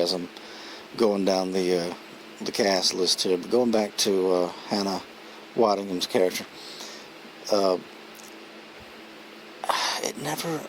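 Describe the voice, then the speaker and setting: A man with a lowish voice talks through a film review in a loose, rambling way, restarting sentences and chuckling as he retells scenes. A faint hum of room ambience sits behind him. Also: poor audio. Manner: rambling, chatty, many restarts and fillers. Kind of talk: casual spoken film review.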